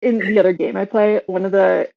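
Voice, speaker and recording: Woman player, creaky voice, rambling casual chat, muffled lo-fi audio. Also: medium pitch, fairly even intonation, brisk, dry recording. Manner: rambling, full of "like" fillers. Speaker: tabletop game player.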